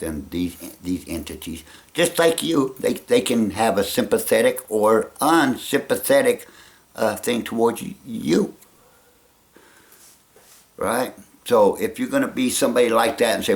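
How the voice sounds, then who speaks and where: Man, gravelly voice, fairly low pitch, rambling casual vlog talk, frequent chuckles. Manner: rambling, chuckling often, trailing off. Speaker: vlogger.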